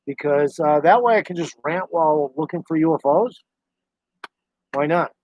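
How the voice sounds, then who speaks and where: A man's voice: a little high, normal speed, darkish tone, dry recording. A man chatting casually on a live stream, rambling to his viewers and his dog. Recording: dry, dull lo-fi sound.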